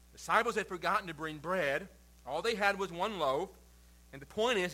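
A male pastor preaching a sermon, reading scripture aloud and then explaining it with swings between quiet and forceful emphasis. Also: a little high, rough recording. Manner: reads scripture then preaches with shifting loud and soft emphasis.

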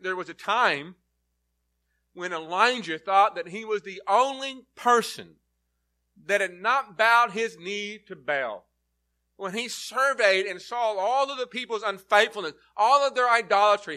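A man preaches an earnest Bible-teaching sermon, his voice sitting fairly high for a man. His tone is bright and ringing, and he drives home key words with heavy emphasis. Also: measured pace.

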